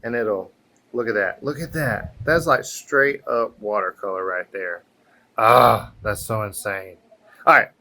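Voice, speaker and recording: On a patio outdoors, a man gives an easygoing airbrushing tutorial, talking through his thoughts and cheering viewers on as he works. His voice is lowish and sharp-toned with a measured pace, captured on a camera microphone.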